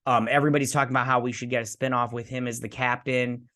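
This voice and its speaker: Bright-voiced gushing fan host. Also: male voice, mid-range voice, little pitch movement, quick pace. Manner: gushing fan, recaps scenes with many fillers and restarts. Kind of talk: excited episode recap.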